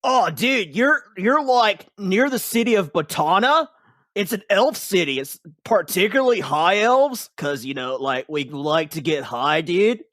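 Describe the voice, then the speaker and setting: A man's voice: high-pitched, animated, unhurried, a bit bright, dry recording, clean studio sound, pitched above the performer's own voice. A man voicing a laid-back stoner elf man who drawls surfer slang and keeps saying dude. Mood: mellow.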